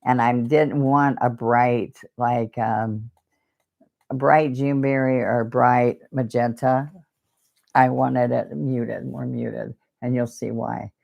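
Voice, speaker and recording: A woman's voice: a bass voice, fairly even intonation, takes it slowly, gravelly, dull audio. A woman teaching a live painting lesson, chatting and wandering off topic as she demonstrates each brushstroke. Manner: chatty, digressive, talks while demonstrating.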